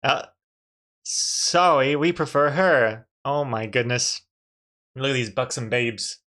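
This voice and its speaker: A man at a middle pitch doing relaxed live-stream commentary as he reacts to a drawing game. He talks loosely and chattily and laughs often between remarks. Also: slow pace.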